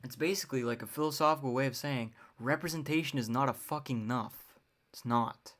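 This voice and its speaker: Brisk and extremely low in pitch, a young woman delivers a casual solo monologue on the podcast she hosts. She rants, swears freely, and laughs wryly along the way.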